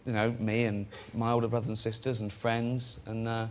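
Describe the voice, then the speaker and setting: A man's voice: on the low side, little pitch movement, normal speed. A man sits as a guest on a chat show, spinning self-deprecating anecdotes. He slips into the voices of the people he quotes and laughs at his own punchlines. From England. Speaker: guest comedian and director.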